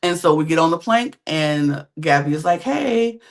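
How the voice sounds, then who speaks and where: A woman hosting a podcast, telling a reality-show story in a lively, gossipy way. She talks casually and drops in slang as she goes. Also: low-pitched, normal speed. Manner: animated, chatty storytelling with slangy quips. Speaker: podcast host.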